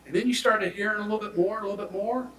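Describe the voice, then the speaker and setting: Emphatic prosecutor in an echoey courtroom. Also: male voice, high-pitched, very fast, a little hiss or hum. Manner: emphatic, swings from loud declarations to hushed near-whispers. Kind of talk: courtroom closing argument. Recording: echoey courtroom audio from far off.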